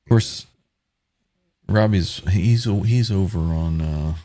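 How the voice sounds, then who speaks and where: Man, live-stream host, mellow dark voice, laid-back chat. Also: low-pitched, slow pace. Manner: reads viewer comments aloud, laughs often.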